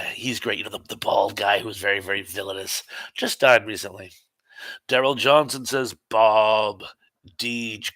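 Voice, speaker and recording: A man hosting a casual live stream, chatting and reading viewer comments aloud with quick asides. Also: fairly low pitch, pushed and bright, no echo. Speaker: host reading live chat.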